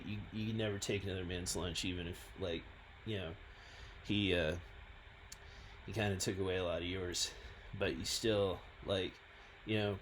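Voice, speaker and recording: A man, a scientist and founder, talking through his own website in a halting, self-deprecating way. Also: fairly low pitch, slight background noise. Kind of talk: reading and commenting on his website.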